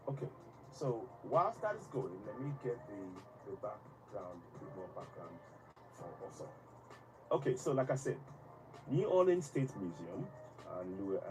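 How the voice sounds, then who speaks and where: A man hosting a broadcast, talking with passionate emphasis and halting restarts. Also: fairly low pitch. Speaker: host. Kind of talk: live commentary broadcast. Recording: distant mic with noisy background.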